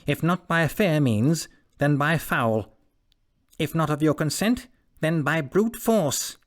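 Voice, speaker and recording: A man's voice: a little high, animated, slow pace, voice pushed up. A man voicing a stern, resolute middle-aged lawyer who speaks in a firm, commanding way.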